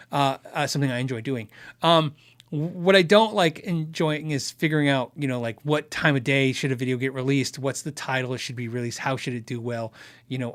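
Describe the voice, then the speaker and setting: The man, who hosts a guitar tech channel, has a medium-pitched, slightly bright voice as he handles viewer questions in live chat. He's earnest, thinking aloud and often restarting his sentences.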